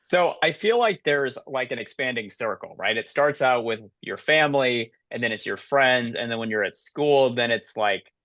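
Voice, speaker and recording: Bright-voiced man, dull dry mic. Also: mid-range voice, animated, moderate pace, few pauses, no room sound. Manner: thoughtful, hedging with many fillers. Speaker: podcast co-host. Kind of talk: casual chat.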